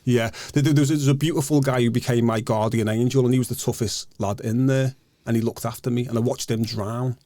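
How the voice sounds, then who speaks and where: A man guest on a podcast, telling a personal story in a halting, earnest way, often repeating words before he finds them. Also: medium pitch, fairly even intonation, dark tone, no echo. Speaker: guest, author. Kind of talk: casual storytelling interview. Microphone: podcast microphone.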